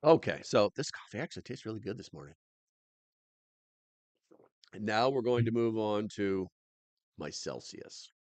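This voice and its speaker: A man's voice: fairly low pitch, lively intonation, normal speed, pauses often, a little mellow, no room sound. A man hosting a casual livestream, talking in a rambling, chatty way with lots of fillers and restarts. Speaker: livestream host.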